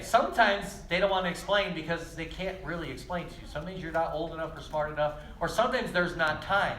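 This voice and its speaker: A man teaching children at church, telling stories lively and speaking straight to the kids. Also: high-pitched, fairly quick, few pauses, slight background noise. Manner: lively, storytelling, addresses kids directly. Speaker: children's pastor. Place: church kids' room. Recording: echoey room with faint ambience.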